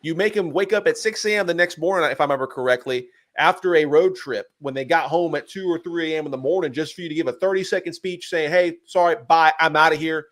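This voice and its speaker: A young man with a drawl rants through a sports podcast, fired up and mocking as he builds his case. His voice sits high for a man and keeps climbing as he gets going. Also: quick pace, hardly any pauses. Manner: fired-up, ranting, mocking impressions. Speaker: podcast co-host. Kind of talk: heated sports podcast rant.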